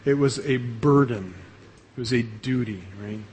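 A man's voice: mid-range voice, unhurried, darkish tone, a little hiss or hum, rough recording. A male pastor giving a sermon in a conversational way, often ending phrases with "right?" and restarting sentences. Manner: conversational preaching, frequent "right?" tags and repeated starts.

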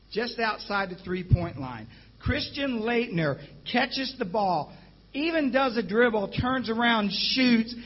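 A man preaching a sermon, telling a personal story in an animated, excitable way. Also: sits high, husky. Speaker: guest preacher. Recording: dull lo-fi church recording.

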